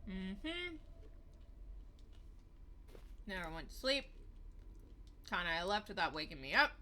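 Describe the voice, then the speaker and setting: A woman's voice: medium pitch, sing-song, moderate pace, bright, forceful tone, a little hiss or hum. A woman livestreaming a game, talking sarcastically and swearing freely while eating. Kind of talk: gameplay livestream commentary.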